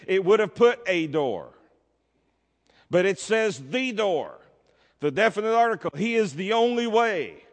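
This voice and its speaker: A man's voice: high-pitched, a bit bright. A man preaching a sermon as pastor, emphatic, drawing out his key words. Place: church sanctuary. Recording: long reverb of a church hall.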